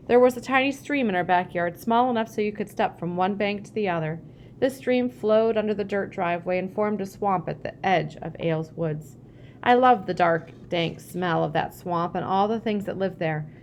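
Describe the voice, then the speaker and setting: A woman reading a childhood memoir aloud, lively when she acts out family dialogue. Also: mid-range voice, a little hiss or hum. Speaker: reader.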